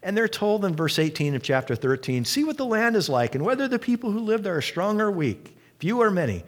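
A middle-aged man preaching a sermon, retelling a story with lively, acted-out quotes. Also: a little fast. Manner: animated storytelling, acting out quoted voices with big pitch jumps.

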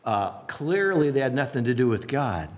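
A man preaching a sermon in an animated storytelling way, acting out the voices of people he quotes. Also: medium pitch, normal speed.

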